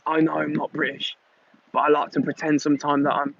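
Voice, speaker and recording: A man's voice: on the high side, level tone, a little fast, gravelly, a bit bright, dry recording, lo-fi sound. A man hosting a casual livestream Q&A about watches, playful and chatty, reading out viewer comments. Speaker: watch channel host. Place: Los Angeles.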